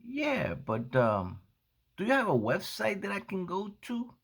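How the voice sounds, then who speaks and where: A woman's voice: medium pitch, wildly swooping pitch, measured pace, creaky, slightly rough, pitched above the performer's own voice, exaggerated voice. A man voicing a polite teenage girl customer who asks hesitant questions about buying online. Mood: asking.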